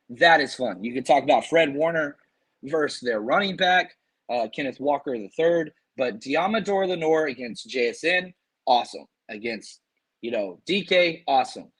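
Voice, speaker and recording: A man hosting a sports podcast, excitedly talking through matchups and reading fan comments, his voice strained from screaming. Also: a little high, breathy edge. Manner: hyped, animated, reads fan super chats. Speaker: podcast host.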